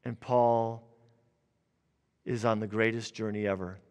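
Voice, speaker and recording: Pastor preaching in a reverberant church. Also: male voice, lowish voice, steady tone, a little slow, clear, resonant tone. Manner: swings between raised emphatic lines and hushed, earnest lines. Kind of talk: sermon. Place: church sanctuary.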